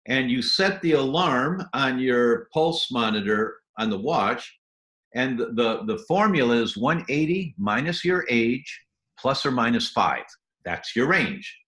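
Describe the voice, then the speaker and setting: A man's voice: medium pitch, expressive, unhurried, a bit bright, reverberant. A man speaking as a guest doctor, enthusiastic and explaining health habits step by step, now and then acting out little scenes. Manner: enthusiastic, acts out little scenes in quoted voices. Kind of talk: animated health advice interview.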